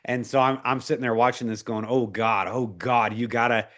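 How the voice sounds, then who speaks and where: A man's voice: medium pitch, fairly even intonation, moderate pace, fairly bright tone. A man in his forties, a guest in an interview, telling a personal faith story in an earnest, emotional way, full of restarts and fillers.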